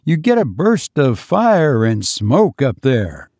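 A man voicing a nervous, uneasy gentleman in a storybook reading, covering his fear with forced laughter and a hint of snarl. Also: mid-range voice, huge pitch swings, slow, no room sound, clean studio sound, heavily acted.

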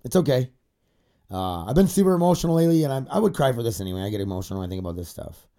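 A young man, a podcaster, speaks very fast and very animated in a mellow, medium-pitched voice. Facing a camera on an indoor studio set, he rambles candidly through a confessional vlog, swearing, using lots of fillers, and tearing up at times.

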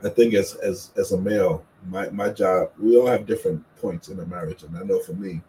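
Man, very deep voice, husband in a casual couple's chat, earnest with playful teasing, faint ambience. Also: a little fast, dark tone, slight background noise, poor audio. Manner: earnest, plays the quotes of both spouses in a raised voice. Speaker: co-host, husband.

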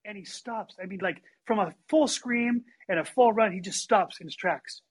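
A man telling a story in casual chat, animated and acting out the quotes. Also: sits high, normal speed, slightly rough, rough recording. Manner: animated, acts out quotes with big voice shifts.

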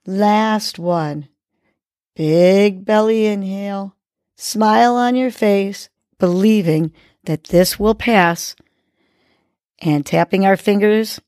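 A woman's voice: mid-range voice, takes it slowly, dark tone, no room sound. A woman podcast host talks unhurriedly, coaching her listeners through a breathing exercise. Her tone stays encouraging and motivational. The recording is close and dry, with no room sound. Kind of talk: guided breathing and motivational talk.

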